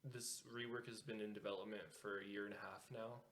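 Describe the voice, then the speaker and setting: A man co-hosting a gaming podcast in casual chat, explaining his opinions in a measured way. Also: lowish voice, little pitch movement, a bit bright. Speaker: podcast co-host.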